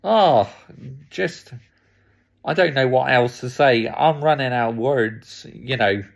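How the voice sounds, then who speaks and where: A man's voice: medium pitch, slow pace, vocal fry. A man delivering an angry, frustrated football fan rant full of swearing.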